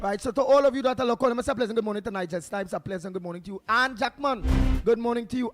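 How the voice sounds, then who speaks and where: A man's voice: high-pitched, quick pace, over music. A man with a Trinidadian accent hosting a morning radio talk show, rambling in a casual chat and repeating words. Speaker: radio host.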